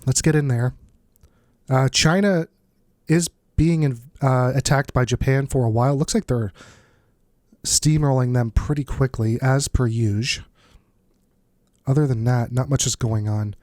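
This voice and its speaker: A man's voice: mid-range voice, steady tone, unhurried, a little mellow, no room sound, clean studio sound. A man with a stuffed-up nose giving casual, think-aloud commentary while playing a strategy game as the channel's host. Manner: thinks aloud, muttering asides. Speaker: let's play host.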